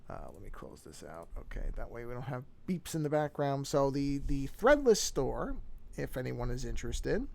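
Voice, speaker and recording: A man's voice: medium pitch, very animated, normal speed, creaky, a little mellow. A man chatting casually on a livestream from his home office desk, rambling and interrupting himself with restarts and repeated words. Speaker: streaming artist. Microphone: desk microphone.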